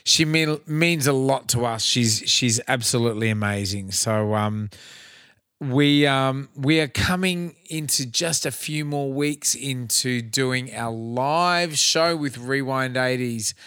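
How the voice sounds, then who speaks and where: A man's voice: medium pitch, slow pace, a bit bright, clean tone, dry recording, clean studio sound. A man with an Australian accent co-hosting a podcast in casual chat, loose and upbeat, a little tipsy. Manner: loose, chatty, upbeat plugs. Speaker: podcast co-host.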